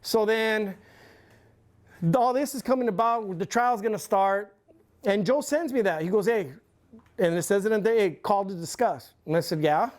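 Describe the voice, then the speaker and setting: A man's voice: high-pitched, moderate pace, long pauses. Profane, laughing middle-aged man storyteller. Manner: profane, animated storyteller who laughs often. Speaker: interview guest. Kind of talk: casual storytelling.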